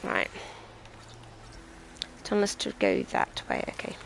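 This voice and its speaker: A woman's voice: a little slow, a little hiss or hum, low-quality recording. A British woman chatting and rambling casually as she streams a video game, often poking fun at herself. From Britain. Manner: chatty, rambling and self-mocking. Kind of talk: casual gameplay commentary.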